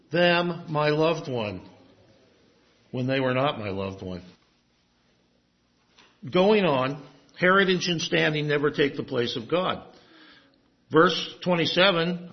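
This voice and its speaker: A man preaching an expository sermon, measured and emphatic, dropping low to close each point. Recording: dull, lo-fi sound.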